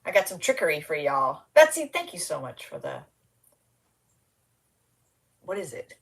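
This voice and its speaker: A woman's voice: deep voice, big pitch swings, unhurried, creaky, a bit bright. A woman hosting a casual live stream, tired and slap-happy, rambling as she greets viewers by name.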